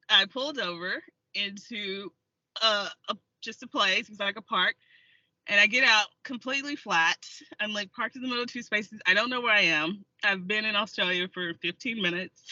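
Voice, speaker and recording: A woman's voice: on the high side, sharp tone, no echo, lo-fi sound. An American woman, an actor and filmmaker, telling stories as an interview guest and laughing often. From United States. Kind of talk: casual interview storytelling.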